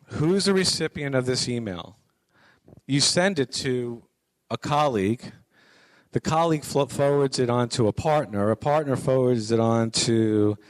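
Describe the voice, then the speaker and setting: A man's voice: medium pitch, dry recording. A middle-aged man giving a conversational lecture to college students, repeating his points for emphasis. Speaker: guest speaker on business writing.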